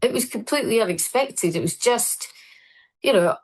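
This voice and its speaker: A woman presenter and comedian chatting as a guest, telling lively anecdotes and mimicking the people she quotes. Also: on the high side, normal speed, rough recording. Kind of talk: casual anecdotal chat.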